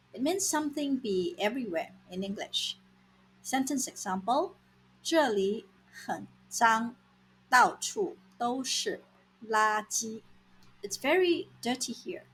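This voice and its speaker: A woman teaching vocabulary in a scripted lesson, saying words slowly and repeating them for learners. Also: on the high side, fairly bright tone, slight background noise, low-quality recording. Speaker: language teacher.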